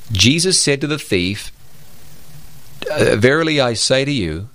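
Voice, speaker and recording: A man's voice: mid-range voice, animated, unhurried, fairly bright tone. A man co-hosting a religious radio talk program, explaining Bible passages step by step in an emphatic, conversational way.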